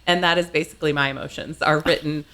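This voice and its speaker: A woman's voice: deep voice, fairly even intonation, fast, background noise. A woman co-hosting a podcast in casual chat, making dry, sarcastic quips. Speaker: podcast co-host.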